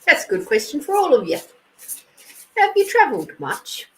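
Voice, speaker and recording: A woman's voice: high voice, wildly swooping pitch, normal speed, a bit bright, rough recording. Chatty woman giving a card reading. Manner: chatty, answers viewers by name; reads card texts aloud. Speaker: host and intuitive card reader. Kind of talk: casual live card reading.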